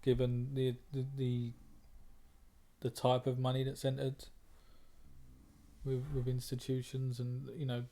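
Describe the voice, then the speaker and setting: A man's voice: medium pitch, monotone, measured pace, long pauses, mellow. Blunt man in casual trading chat. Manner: blunt, repeats words while thinking. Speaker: trader and moderator. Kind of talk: casual group discussion.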